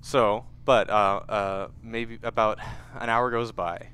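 A man narrating as game master of a tabletop game, in a relaxed, halting way with many fillers. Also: on the low side, clear, resonant tone.

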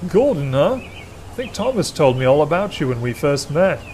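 A man's voice: fairly high pitch, sing-song, normal speed, a little mellow, a little hiss or hum. A man voicing a friendly, hard-working male tank engine who speaks in a cheerful, upbeat manner.

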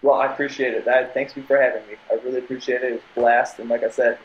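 A man's voice: mid-range voice, flat delivery, rapid-fire, dull audio. Young man, podcast guest, rambling casual storytelling, lots of restarts. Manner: rambling, tangents, repeated restarts.

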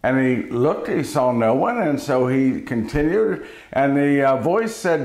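A man's voice: mid-range voice, lively intonation, unhurried, hardly any pauses, darkish tone. A man giving a daily spiritual reflection as a preacher, telling stories and reading scripture in a folksy, conversational way. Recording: roomy echo.

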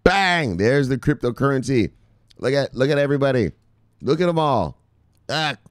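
A middle-aged man talking excitedly as a crypto news vlogger, cursing and shouting shout-outs to viewers. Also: medium pitch, normal speed, no room sound, studio quality. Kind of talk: casual hyped-up commentary.

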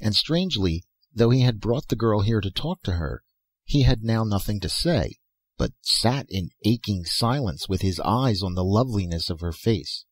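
A man reading a science fiction story aloud as an audiobook narrator, in a measured storytelling manner. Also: fairly low pitch, lively intonation, husky, no room sound. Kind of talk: scripted narration.

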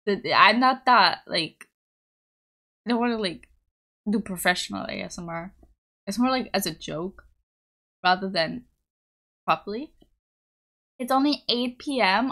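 A woman's voice: mid-range voice, unhurried, pauses often, a bit bright. Bubbly young woman streamer chatting. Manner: bubbly, rambling, giggly, reads chat aloud. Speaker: livestreamer. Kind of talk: casual chat with live chat. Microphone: desktop USB mic.

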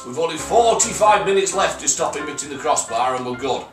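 A young man giving crude, excitable gameplay commentary, swearing and shouting as he plays. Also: on the high side, a little fast. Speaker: gaming YouTuber. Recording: echoey, mic at a distance, music behind.

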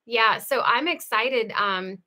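Woman livestream host, bright voice, casual chat, laughs easily. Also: a little high, slow pace. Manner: chatty, laughs often, lively asides. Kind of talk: casual livestream chat, reading viewer comments. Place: home.

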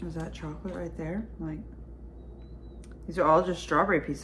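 A woman's voice: low voice, steady tone, normal speed, fairly bright tone, a little hiss or hum. A woman talking casually to her viewers in a mukbang vlog, tasting food and swearing freely. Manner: chatty, swears freely, talks between bites. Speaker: vlogger.

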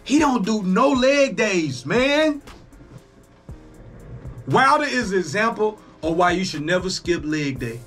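Excitable man reacting with lots of swearing. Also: high voice, slow pace, long pauses, soft background music. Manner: excitable, profane, exclaiming often. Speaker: reaction video host. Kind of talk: casual reaction commentary.

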